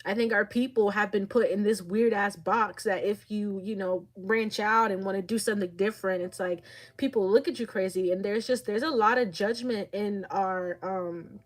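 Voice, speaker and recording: A woman's voice: mid-range voice, fairly even intonation, normal speed. A woman psychic reader speaks through tears as she channels a spiritual message. Her talk is heartfelt and loose, full of fillers and false starts, and nervous laughter keeps slipping through. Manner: heartfelt, rambling with many fillers and restarts. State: teary, emotional. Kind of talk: channeled spiritual reading monologue.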